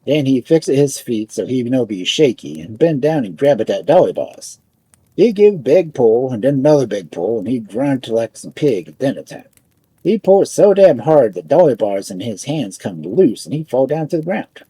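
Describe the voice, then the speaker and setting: A man's voice: mid-range voice, big pitch swings, moderate pace, mellow, slightly rough. A man telling a folk tale, narrating in broken immigrant English. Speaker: storyteller.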